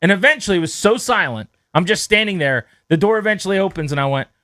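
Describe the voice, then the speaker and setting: A man hosting a sports radio show, telling a story in a lively, animated way and acting out the quotes in it. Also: high voice, fast talker, no echo, clean studio sound. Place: radio studio. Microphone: studio mic.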